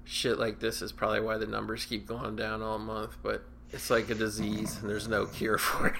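A man's voice: lowish voice, monotone, moderate pace, vocal fry, heavy background noise. A man co-hosting a casual podcast, rambling and sarcastic, with lots of swearing. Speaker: podcast co-host.

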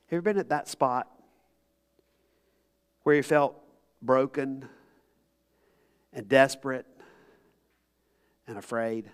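A man preaching a sermon as pastor, impassioned, swinging between loud pleading and hushed, quiet tones. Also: mid-range voice, slow pace, long pauses, clear, resonant tone.

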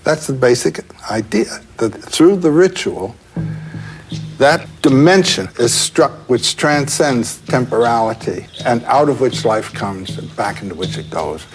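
An older man retelling a myth in conversation, unhurried and chatty, with small asides and fillers. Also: medium pitch, expressive, faint music behind. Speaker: interviewee, storyteller.

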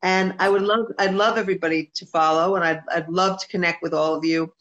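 A woman's voice: lowish voice, fairly even intonation, a little fast, fairly bright tone. A woman singer-songwriter talking as an interview guest, heartfelt and emphatic, often repeating her points. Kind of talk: earnest interview talk. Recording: dull lo-fi sound.

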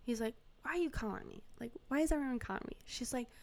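A young woman in casual chat, telling a story with animated acted-out quotes. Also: on the high side, fast, slight background noise.

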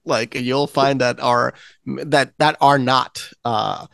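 A man's voice: mid-range voice, fairly even intonation, takes it slowly, vocal fry, a bit bright, dry recording. A man hosting a casual podcast chat, rambling with many restarts. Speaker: podcast host.

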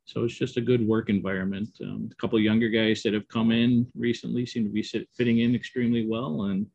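A middle-aged man who co-owns an auto repair shop, answering interview questions in a relaxed, rambling way with many ums and you-knows. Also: on the low side, quick pace, vocal fry, breathy edge, no echo. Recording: dull, slightly muffled dry audio.

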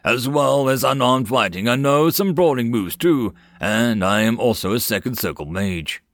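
A man's voice: mid-range voice, animated, measured pace, dry recording, clean studio sound. A man voicing a proud young male knight with a brassy, blunt way of speaking.

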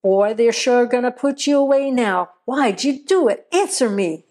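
A woman's voice: a little high, lively intonation, a little slow, darkish tone. Woman voicing a stern scolding old farmer. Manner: harsh, accusing.

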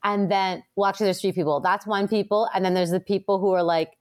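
A woman acupuncturist chatting casually as an interview guest, telling stories in a lively way with lots of fillers. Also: mid-range voice, fast talker. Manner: chatty, animated storytelling with many fillers.

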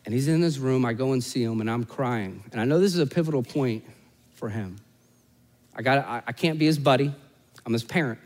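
Telling a family story in his sermon, this pastor in his forties jokes with the congregation and shifts from loud, forceful highs to quiet, gentle stretches. He speaks fairly quickly in a mid-range voice, and the sound has a long reverb tail.

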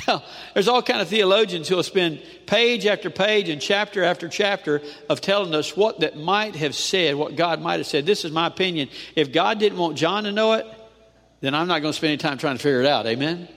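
A man with a high voice delivers a sermon in a big echoing hall. He pushes some phrases loud and drops others to a hush. He keeps asking the congregation for an "amen?". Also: a little fast. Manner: preachy call-and-response with frequent "amen?"; dramatic swings between loud and hushed. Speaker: pastor. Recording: long hall reverb.

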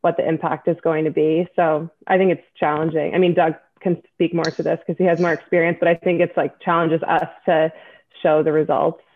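A man on a college fundraising team, talking in a flat, hedging way with many fillers. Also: on the high side, brisk. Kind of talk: podcast conversation. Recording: tinny phone-like line.

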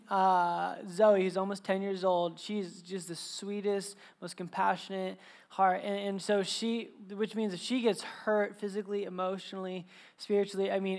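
A man's voice: high-pitched, a bit bright. Joking, rambling man preaching a sermon. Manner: chatty, joking, many restarts and laughs. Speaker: pastor. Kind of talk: sermon with personal storytelling. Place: church service before a live congregation.

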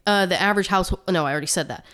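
A woman's voice: on the low side, rapid-fire, a bit bright. A woman co-hosting a podcast, chatting casually and reading out statistics with asides, a little short of breath. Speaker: podcast co-host. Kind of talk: casual chat.

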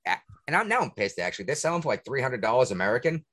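Husky, fired-up man ranting. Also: fairly high pitch, fast. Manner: profane, indignant, animated. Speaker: podcast host. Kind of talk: heated casual rant.

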